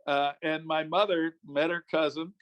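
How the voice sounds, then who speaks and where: A man's voice: on the high side, steady tone, moderate pace, lo-fi sound. An older man from New York State, a former politician, telling easygoing anecdotes as an interview guest. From New York State, USA. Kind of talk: casual interview storytelling.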